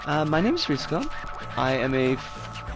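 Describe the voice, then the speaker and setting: An American woman in her forties chatting casually on a game stream, animated and giggly with sudden excited squeals. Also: low voice, normal speed. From United States. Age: 40s. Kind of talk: casual livestream chat while gaming. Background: game music.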